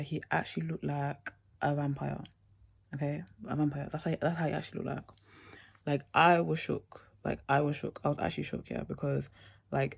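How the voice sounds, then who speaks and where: A woman's voice: low voice, creaky, mellow. A young woman telling a rambling, chatty story. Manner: rambling, chatty, constant "yeah" and "like". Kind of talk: casual storytime monologue.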